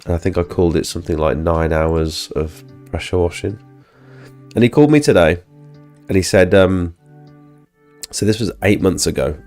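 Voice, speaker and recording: Low-voiced man, ill, chatting. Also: normal speed, darkish tone, faint music behind. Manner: rambling, filler-heavy, chatting to viewers. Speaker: pressure washing business owner and live streamer. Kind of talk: casual live-stream chat.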